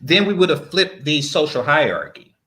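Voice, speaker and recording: Man, podcast guest, bright sharp tone, lecturing, halting restarts. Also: a little high, sing-song. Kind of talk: casual podcast debate.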